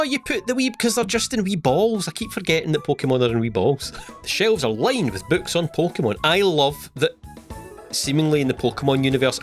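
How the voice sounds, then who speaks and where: A man with a Scottish accent giving wry, joking commentary while playing a video game. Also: a little high. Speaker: gaming video host. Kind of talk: let's play commentary.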